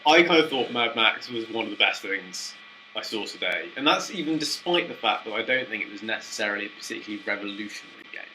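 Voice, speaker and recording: Male co-host with a bright, forceful edge and lowish pitch, relaxed chat, lots of quick agreement. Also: slight background noise, poor audio. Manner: easygoing, quick agreeing interjections. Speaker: podcast co-host. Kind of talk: casual chat.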